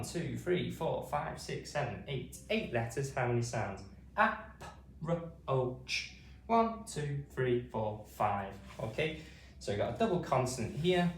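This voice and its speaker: British man, phonics teacher, slow and sing-song, roomy echo, off-mic. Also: far from the mic, a little hiss or hum. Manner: slow, drawn-out sounding-out of words with lively pitch. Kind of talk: slow, clear teaching to camera.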